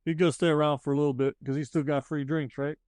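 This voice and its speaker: Guy player cracking quick jokes, kinda high voice, dry. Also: flat delivery, a little mellow, dry recording. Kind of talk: casual chat.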